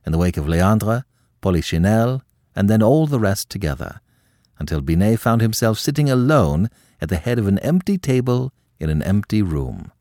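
A male narrator reading a classic novel aloud, his low voice moving expressively through the sentences. Close, dry recording. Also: no room sound. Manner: expressive, measured storytelling. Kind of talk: scripted audiobook narration.

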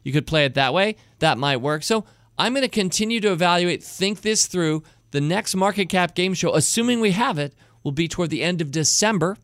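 A man's voice: sits high, lively intonation, a little fast, fairly bright tone, no room sound, clean studio sound. A middle-aged man hosting a podcast, chatting enthusiastically with rambling asides. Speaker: podcast host. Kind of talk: casual podcast chat.

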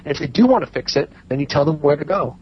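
A man's voice: a little high, lively intonation, fast talker, breathy edge, highs cut off. A man speaking as a podcast guest, emphatic and repeating points for stress. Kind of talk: casual chat.

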